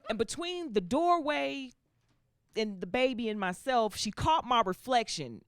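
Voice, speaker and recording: With a live stage mic capturing audience laughter at a comedy club, a woman does stand-up, animatedly acting out characters in her stories. Her voice is a little high, unhurried and clean in tone, with studio quality and no room sound.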